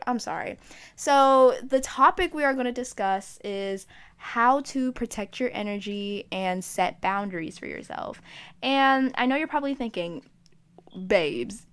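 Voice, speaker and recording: A woman's voice: medium pitch, a bit bright, smooth. Woman, vlogger, casual chat, rambling, self-mocking, mid-range voice.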